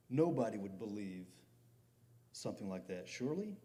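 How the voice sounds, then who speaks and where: Pastor, middle-aged man, mellow tone, conversational sermon with emphatic swells. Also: fairly low pitch, sing-song, fairly quick. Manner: conversational preaching with rising emphatic peaks.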